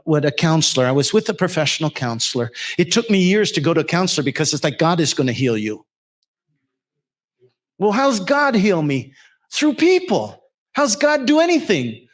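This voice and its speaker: A middle-aged American man, a pastor, giving a personal testimony talk to an audience, telling his story earnestly and rising to preacher-like emphasis. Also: medium pitch. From United States. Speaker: pastor and speaker on the Rwandan genocide.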